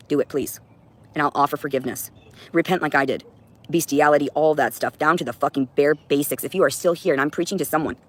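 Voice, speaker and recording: A woman's voice: low-pitched, fast. A woman livestreaming an agitated, profane monologue, preaching directly at her viewers.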